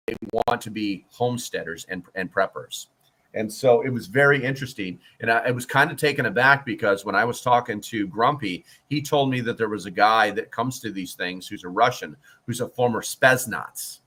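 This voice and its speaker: A man's voice: lowish voice, pushed and bright. A man hosting a casual livestream chat, rambling and joking, with lots of fillers and restarts as he reads out the chat. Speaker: prepper livestream host.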